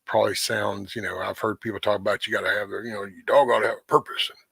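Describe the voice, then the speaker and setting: A man's voice: lowish voice, little pitch movement, quick pace, gravelly, pushed and bright, slightly rough, no echo. A middle-aged man hosting a morning livestream, chatting casually and rambling in a folksy way with the odd curse word. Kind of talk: casual morning chat with viewers.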